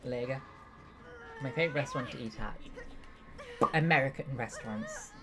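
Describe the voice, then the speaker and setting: A woman's voice: extremely low pitch, moderate pace, background noise. A woman, streaming a game and chatting playfully with viewers as she reads the chat. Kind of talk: casual live-stream chat, reading and answering viewers.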